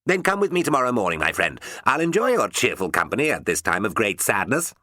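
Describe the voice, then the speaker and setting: Man playing a vain showy actor, florid, lively swooping voice, dry sound. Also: lowish voice, quick pace, no echo, full character voice. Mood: flamboyant. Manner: florid, theatrical, self-admiring. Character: vain theatrical male actor narrator, flamboyant.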